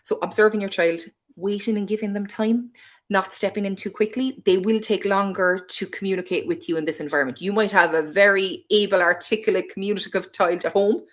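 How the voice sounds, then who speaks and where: A woman with a Cork Irish accent giving a parent webinar talk, speaking fast, passionate and playful. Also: mid-range voice. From Cork, Ireland. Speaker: hospital play presenter.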